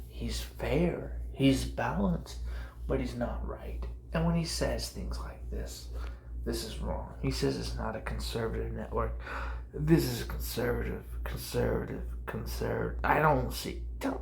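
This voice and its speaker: Guy vlogging casually, gravelly voice, rambles and restarts a lot, goes almost whispery at times. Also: mid-range voice, reverberant, a little hiss or hum, poor audio. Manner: rambling, self-interrupting, drops to a near whisper at times. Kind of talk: casual commentary.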